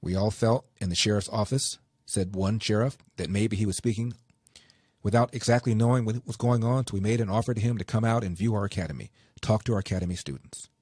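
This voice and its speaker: A man's voice: lowish voice, fast, a little mellow, husky, dry recording, clean studio sound. A man hosting a talk radio show, reading quotes aloud with a sarcastic edge and taking calls.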